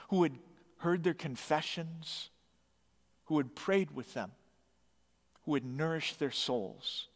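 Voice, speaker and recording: A male preacher tells a story slowly and dramatically, his fairly high voice lifting in emphatic bursts. Each phrase lingers in the long reverb of a hall. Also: fairly bright tone.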